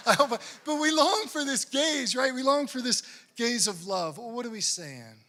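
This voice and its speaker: A man, a Catholic priest, giving a humorous conference talk to women, telling animated stories and acting out the lines of the people in them. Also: very high voice, normal speed. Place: conference hall.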